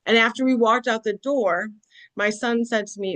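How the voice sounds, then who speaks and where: A woman's voice: medium pitch, normal speed, a bit bright. A middle-aged woman speaks to an audience about grief in a candid, self-deprecating way. Her voice sits in an ordinary middle register. She keeps tagging her sentences with "right?" and "okay?" as she tells her stories. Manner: conversational, frequent "right?" and "okay?" tags. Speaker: conference speaker. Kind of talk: motivational talk on grief.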